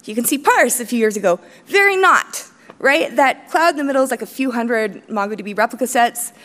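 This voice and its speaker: A woman with a high, lively voice gives a live talk on a conference stage. She speaks bluntly, swears freely and jumps into self-mocking asides, her pitch swinging widely as she makes her points. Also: moderate pace. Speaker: conference speaker, company CEO. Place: large conference hall stage.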